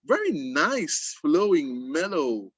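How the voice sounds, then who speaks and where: A man hosting a casual poetry discussion for students, explaining emphatically with lively restarts. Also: fairly high pitch, takes it slowly, slightly rough, no echo. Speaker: host.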